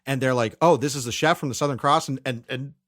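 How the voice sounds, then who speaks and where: A man co-hosting a movie podcast in casual chat, retelling scenes with lively quoted character lines. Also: mid-range voice, quick pace, no echo, studio quality. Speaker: podcast co-host.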